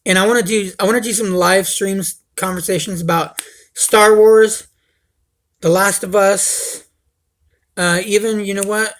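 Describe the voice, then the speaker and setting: A man's voice: high-pitched, steady tone, unhurried, a bit bright. A young man hosting a casual livestream, rambling and swearing, calling everyone dude. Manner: rambling, profane, says dude a lot. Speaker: livestream host.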